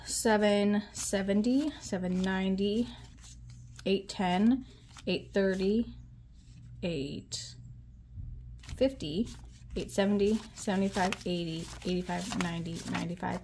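A woman talking casually to viewers while she counts money out loud, chatty and with frequent ums. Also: mid-range voice, fairly even intonation, a little slow, a little hiss or hum. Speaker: budgeting vlogger.

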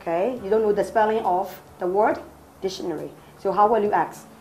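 A woman's voice: medium pitch, a little fast, a little mellow, roomy sound, a little hiss or hum, poor audio. A woman teaching English in a classroom, prompting students with phrases and praising their answers.

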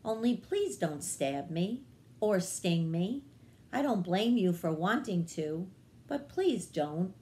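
A woman voicing a gentle, apologetic small male bat in a children's read-aloud, humble and pleading. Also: fairly low pitch, sing-song, slow.

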